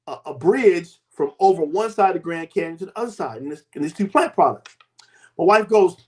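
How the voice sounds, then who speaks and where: Man in his 50s, high voice, guest telling a story with animated voices for the people in it. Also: moderate pace. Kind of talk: personal testimony.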